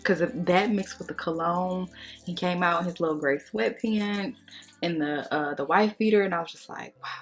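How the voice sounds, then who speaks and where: Young beauty vlogger, low-pitched and chatty, storytime over makeup, faint music bed. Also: female voice, moderate pace. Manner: chatty, gossipy, slangy and expressive. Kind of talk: casual storytime during a makeup tutorial.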